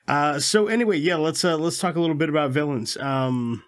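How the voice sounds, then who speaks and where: A man hosting a movie podcast, chatting casually, joking and swearing as he recaps a film. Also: a little high. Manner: profane, joking, quick to laugh. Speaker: podcast host. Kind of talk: casual chat.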